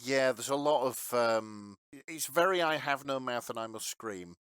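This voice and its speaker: Animated man chatting on a podcast. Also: mid-range voice, clear, resonant tone, no echo, clean studio sound. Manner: lively, quick to laugh and question. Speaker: podcast co-host. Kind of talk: casual chat.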